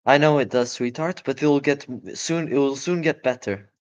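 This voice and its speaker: A tender, fearful mother fox in a storybook, voiced somewhat higher by a man reading aloud. She pleads in a soft, tearful way. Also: moderate pace, muffled recording, natural voice.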